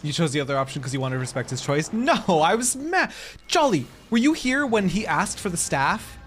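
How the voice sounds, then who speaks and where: A man's voice: a little high, big pitch swings, brisk, fairly bright tone, a little hiss or hum. A man live-streaming a video game, reacting with emotional, rambling and swearing talk while joking with his chat.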